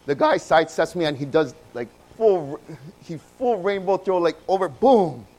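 Man, storytelling sermon, higher-pitched voice, loud-then-hushed delivery. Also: moderate pace, rough recording. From Hawaii. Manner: animated, swings from loud bursts to hushed low passages.

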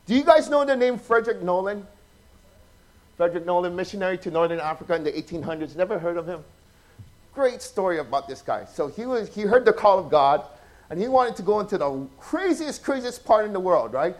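At a moderate pace, a male preacher with a strikingly high voice delivers a relaxed, conversational sermon. He tells stories with lively energy, acts out the characters' words, and keeps putting questions to his audience.

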